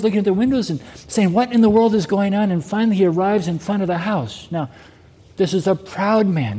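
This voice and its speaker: High-voiced preacher in a reverberant hall. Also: male voice, warm tone. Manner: preaching with rhetorical questions to the congregation. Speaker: pastor. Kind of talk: sermon. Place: church sanctuary.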